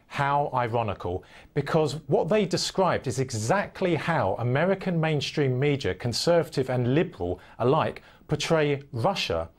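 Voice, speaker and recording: A man speaking as a panel guest, making deliberate, emphatic points. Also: medium pitch, big pitch swings. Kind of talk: debate commentary.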